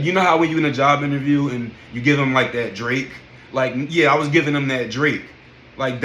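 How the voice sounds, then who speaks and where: A man in his thirties telling a story in an emphatic, profane, animated casual rant. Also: medium pitch, brisk. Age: 30s. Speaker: vlogger. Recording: echoey room with faint noise.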